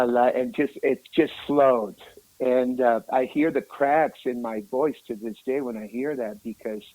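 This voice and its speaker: Gravelly man telling stories animatedly. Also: mid-range voice, low-quality recording. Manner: animated, emotional, says "man" often. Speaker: rock musician guest. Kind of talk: casual storytelling interview.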